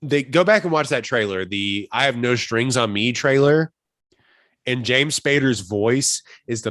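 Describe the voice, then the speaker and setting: A man co-hosting a podcast in casual chat, animated and swearing, often breaking off mid-sentence. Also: medium pitch, unhurried, no echo. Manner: animated, swearing, self-interrupting. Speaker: podcast co-host.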